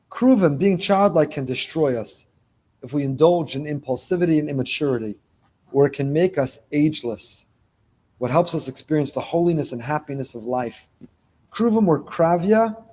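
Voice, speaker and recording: Mellow-voiced rabbi preaching emphatically. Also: male voice, on the high side. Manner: emphatic, repeats key phrases, weaves in Hebrew terms. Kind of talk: sermon. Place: synagogue before a live congregation.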